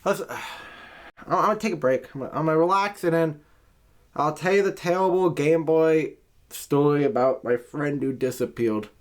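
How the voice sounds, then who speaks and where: A man's voice: a little high, normal speed. A man making a comedic video, swearing often and ranting in an exasperated, rambling way that keeps stopping and restarting. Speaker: video creator. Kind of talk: profane comedic rant to camera.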